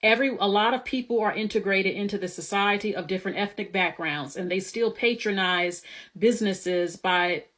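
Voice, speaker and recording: A woman's voice: mid-range voice, normal speed, a bit bright. Blunt woman lecturing to camera. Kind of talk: blunt opinion video.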